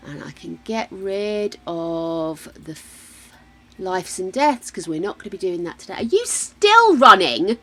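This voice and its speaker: A woman's voice: mid-range voice, sing-song, unhurried, fairly bright tone. An English woman streaming a game, chatting casually and thinking aloud as she plays, laughing often. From England. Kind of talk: casual chat while playing.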